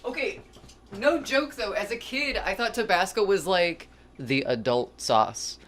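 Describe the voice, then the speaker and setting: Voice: mid-range voice, lively intonation, a little slow, fairly bright tone. A rambling, chatty home-cooking streamer whose voice swoops up and down a lot. The talk is loose and self-mocking, directed at chat while the streamer works in the kitchen. A faint hiss of noise sits under the voice. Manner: self-deprecating humor.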